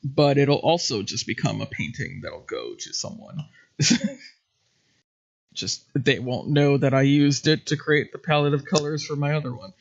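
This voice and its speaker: A man's voice: medium pitch, normal speed, creaky. A man hosting a livestream, chatting casually and laughing often while he paints. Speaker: livestream host. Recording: muffled lo-fi stream audio.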